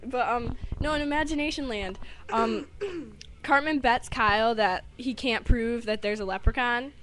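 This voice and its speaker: A woman's voice: a little high, unhurried, a bit bright, slight background noise. A woman vlogger chatting casually, rambling and giggling as she retells a cartoon episode. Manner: rambling, giggly, lots of fillers.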